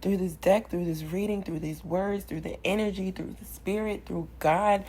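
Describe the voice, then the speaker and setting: A woman's voice: lowish voice, steady tone, moderate pace, mellow, a little hiss or hum, poor audio. A young woman doing a channeled tarot reading, preaching affirmations with passion and sighing between lines. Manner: impassioned, preachy, repetitive affirmations. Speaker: spiritual card reader.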